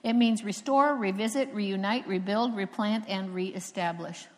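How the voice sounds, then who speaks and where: A woman from Florida preaching a sermon, telling stories with emphatic pauses. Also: medium pitch, a little mellow. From Florida, USA. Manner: storytelling, emphatic with dramatic pauses. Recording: long hall reverb.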